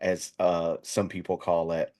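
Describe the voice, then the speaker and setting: Slow, hesitant male interviewer. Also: deep voice, level tone, a little mellow.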